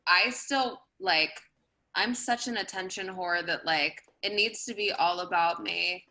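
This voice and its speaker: A woman's voice: fairly low pitch, unhurried, pushed and bright, rough recording. A woman in her twenties, a singer, chatting as a guest on a podcast in a bubbly, self-mocking way. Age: 20s. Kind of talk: casual podcast chat. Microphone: remote call setup.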